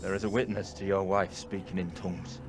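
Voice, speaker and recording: A man playing a severe, righteous puritan reverend who speaks gravely and formally. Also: low-pitched, level tone, a little fast, noisy background, close to an everyday voice. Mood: solemn. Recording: game audio with loud music.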